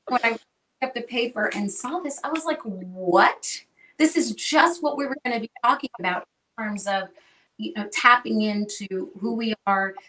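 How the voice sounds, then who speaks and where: A woman teaching in an animated, conversational way, often checking in with "right?". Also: mid-range voice, distant mic, low-quality recording. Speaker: guest teacher.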